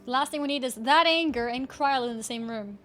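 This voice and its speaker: A woman's voice: high voice, quick pace, a bit bright. A woman livestreamer chatting casually, thanking viewers and giggling while playing a game. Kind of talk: casual gaming stream chat. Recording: game music underneath. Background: game music.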